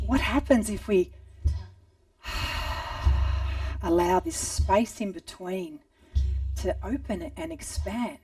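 A woman teaching a rhythm lesson, calmly guiding movement and chanting syllables. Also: medium pitch, distant mic. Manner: calm, slow guiding speech mixed with chanted syllables. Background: drum beat.

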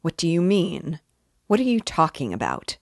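A woman reading aloud and voicing a pompous, self-righteous middle-aged man who talks down to others and turns shrill when accused. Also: wildly swooping pitch, moderate pace, gravelly, a little mellow, no room sound, studio quality, full character voice. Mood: indignant. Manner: condescending, wordy, later shrill and indignant.

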